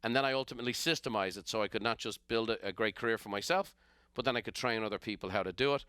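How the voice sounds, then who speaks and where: A middle-aged Irish man from Ireland, a business coach who hosts a podcast, tells an animated motivational story and acts out the characters in it. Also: lowish voice, racing, clear, resonant tone, no room sound, studio quality.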